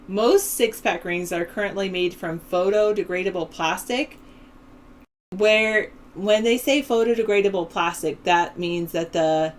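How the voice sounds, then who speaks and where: A woman's voice: mid-range voice, slight background noise, poor audio. A woman with a Southern California valley-girl accent hosting a call-in show, chatting casually and rambling as she reads news and answers viewers' chat. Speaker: host of a call-in political show.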